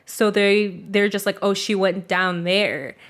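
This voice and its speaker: A young woman in casual chat, telling a story at length. She leans on "like" constantly and swears without a second thought. Her voice sits in a middle pitch. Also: steady tone, measured pace.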